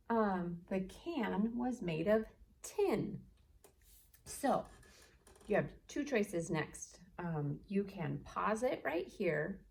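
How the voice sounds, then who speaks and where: A woman teacher leading a children's phonics lesson, slowly sounding out letters and blending them into words with gentle encouragement. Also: on the low side, creaky, breathy edge. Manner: gentle, encouraging teacher talk to young kids.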